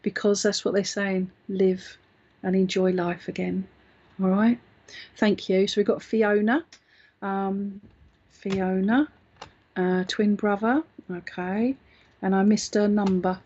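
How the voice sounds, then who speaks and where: Woman, psychic medium, live reading, chatty and reassuring, mid pitch, slightly dull lo-fi audio. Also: level tone, slow, darkish tone. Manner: chatty and reassuring, often checking "okay?" and "all right?".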